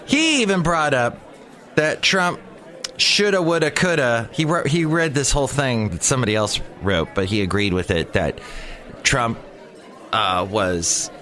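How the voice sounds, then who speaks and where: This time the daily podcast host, medium-pitched, talks a little slowly. His comedic monologue still rambles, full of self-interruptions, restarts, asides and character voices, delivered with animation.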